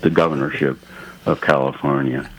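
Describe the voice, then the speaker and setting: A man with a very deep, low voice phones in to a radio talk show. He speaks earnestly and sounds somewhat indignant, pressing his point firmly. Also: flat delivery, moderate pace, crowd noise, rough recording. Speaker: caller. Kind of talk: call-in radio conversation.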